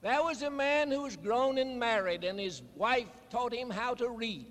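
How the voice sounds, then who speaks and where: A man preaching a sermon, telling stories in a deliberate, emphatic way. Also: extremely high pitch, a bit bright. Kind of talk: sermon address. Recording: long hall reverb.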